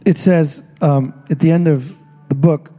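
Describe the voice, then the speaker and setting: Husky high-voiced preacher, joking. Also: male voice, fairly even intonation, unhurried, warm tone, soft background music. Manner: casual, joking storyteller preaching. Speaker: pastor. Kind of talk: sermon. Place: church stage.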